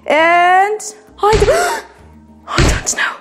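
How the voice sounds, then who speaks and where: A woman's voice: very high-pitched, lively intonation, slow, a bit bright, soft background music. A young woman teaching English to children, acting out playful pretend fright with big gasps and sing-song lines. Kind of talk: acted children's lesson.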